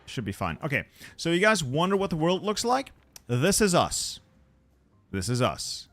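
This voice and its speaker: A man's voice: fairly high pitch, very animated, moderate pace, a bit bright, no echo, faint music behind. A man giving casual commentary on his strategy game, chatting with viewers and muttering to himself as he plans. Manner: chatty, answers viewers, mutters repeated words. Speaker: gaming channel host.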